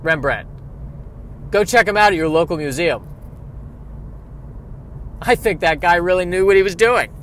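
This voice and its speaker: A man hosting a solo comedic podcast, talking in a deadpan, self-deprecating, wandering way from inside a vehicle. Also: sits high, moderate pace, long pauses, slight background noise. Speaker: podcast host. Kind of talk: rambling solo comedic monologue. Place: in a vehicle by the street.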